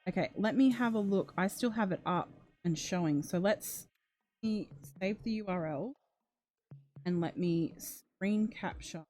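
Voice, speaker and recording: A woman with a mellow, medium-pitched voice hosts a true crime livestream at a measured pace, faint music playing behind her. She chats casually, reads out and reacts to comments, and gets emotional, gasping and nearly in tears.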